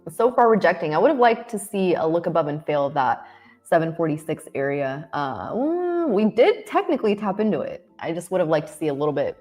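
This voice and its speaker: A woman's voice: deep voice, a little mellow. A woman co-hosting a trading stream, chatting easily and commenting on price levels. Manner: giggly, easygoing. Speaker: trader co-host. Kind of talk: casual chat and market commentary.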